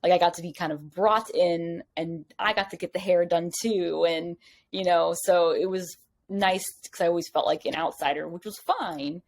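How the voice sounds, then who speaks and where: A woman as a podcast guest, telling a story in casual chat, rambling and animated, full of "like" and acted-out quotes. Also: fairly low pitch, normal speed.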